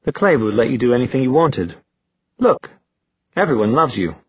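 A man reading a cocky young male warrior who talks quickly and offhandedly, in a tinny, dry recording. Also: mid-range voice, big pitch swings, breathy edge, no room sound. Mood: teasing.

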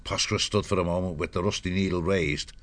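Man, audiobook narrator, very deep voice, measured storytelling. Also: steady tone, fairly bright tone.

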